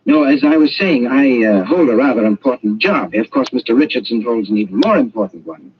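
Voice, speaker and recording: An actor playing a young British colonial official who talks in a dry, probing, ironic way, in an old radio drama. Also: male voice, mid-range voice, lively intonation, fairly quick, natural voice. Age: young adult. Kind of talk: 1940s radio drama acting. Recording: dull lo-fi old radio recording, faint hiss.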